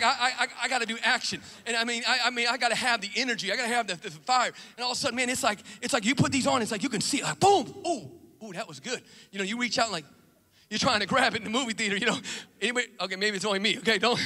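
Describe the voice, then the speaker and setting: A man preaching an animated church sermon, with shouted refrains and casual, chatty asides. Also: extremely high pitch, in a large hall. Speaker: pastor. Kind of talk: energetic sermon.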